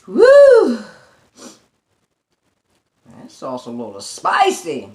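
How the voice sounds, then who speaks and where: A woman hosting a seafood eating show, chewing between short remarks, humming with enjoyment and talking straight to her viewers. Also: very deep voice. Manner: addresses viewers directly and teasingly. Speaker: mukbang host.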